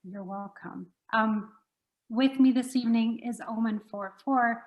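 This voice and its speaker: A woman's voice: fairly high pitch, a little slow, dull audio. A woman hosting an internet radio show, talking easily and laughing often. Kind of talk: casual interview.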